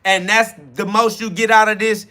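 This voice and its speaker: A man with a high, bright voice delivers a spiritual self-talk monologue as a podcast host. He talks bluntly and profanely, hitting back at critics. He drags out key words to hammer them home. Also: flat delivery, normal speed. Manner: emphatic, drawing out key words.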